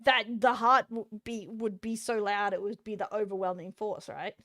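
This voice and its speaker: A woman's voice: medium pitch, steady tone, normal speed, a bit bright, no echo. A young Australian woman streaming, chatting casually while reacting to videos, blunt and profane, breaking into laughter often. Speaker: VTuber streamer.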